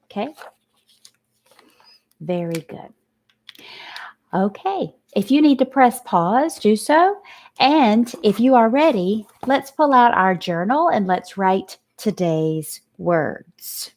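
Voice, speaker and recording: A woman teacher speaks very slowly and patiently. She walks young pupils through a phonics lesson, sounding out each letter carefully and offering steady praise. Her voice sits at an ordinary middle pitch.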